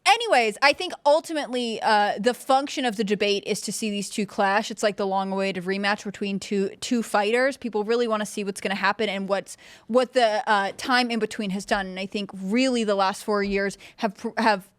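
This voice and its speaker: A woman co-host in casual panel chat, playful and chatty with quick asides. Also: medium pitch, no room sound. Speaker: show co-host.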